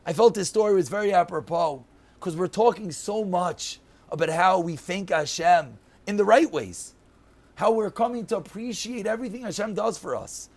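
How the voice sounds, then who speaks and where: High-voiced rabbi telling a moving story. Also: male voice, normal speed. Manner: animated storyteller acting out quoted lines. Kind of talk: storytelling Torah class.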